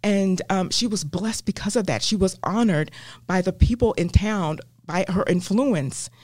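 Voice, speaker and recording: A woman with a Southern US accent, a guest teaching the Bible in an interview, earnest and animated with many ums and restarts. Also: medium pitch, unhurried, no room sound, studio quality. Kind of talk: faith podcast interview.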